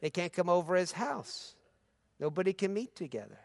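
A man preaching a sermon as pastor, moving between easy conversational talk and loud, rising exhortation. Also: high voice, very animated, normal speed, creaky, dry recording.

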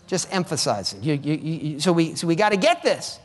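A fervent male preacher whose high voice swoops up and down as he urges his listeners on. He repeats phrases for emphasis, and each line rings out with a long reverb. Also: big pitch swings, fairly quick. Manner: fervent, repetitive exhortation. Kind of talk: sermon.

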